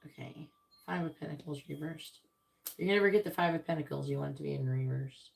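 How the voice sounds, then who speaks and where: Woman tarot reader, low and gravelly, blunt and casual with comic asides. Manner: blunt and swearing, acts out quick comic voices. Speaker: tarot reader on a live stream. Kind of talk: casual tarot reading, reading card meanings aloud.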